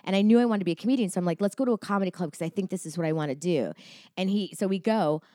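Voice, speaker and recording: A woman's voice: mid-range voice, racing, no echo, studio quality. Foul-mouthed woman telling a story. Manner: animated, profane, acts out quotes. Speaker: comedian guest. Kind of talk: casual storytelling chat.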